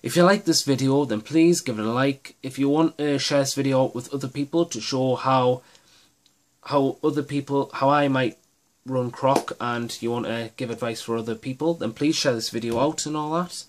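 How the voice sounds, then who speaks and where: Hosting his own miniatures gaming channel, a man explains tactics at a moderate pace with a medium pitch and fairly even intonation. He rambles casually and enthusiastically, often restarting what he's saying.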